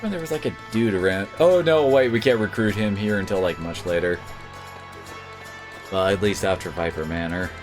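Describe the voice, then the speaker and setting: A man's voice: deep voice, normal speed. A man chatting casually while playing a game, rambling and filling his talk with "like". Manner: rambling, lots of 'like'. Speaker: let's play streamer. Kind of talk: casual gameplay commentary. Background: faint game music.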